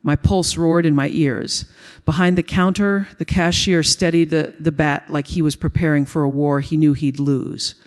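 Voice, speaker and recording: A man reading a first-person dramatic story as a storyteller, in a steady, even way. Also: a little high, normal speed, hardly any pauses. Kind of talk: scripted first-person narration.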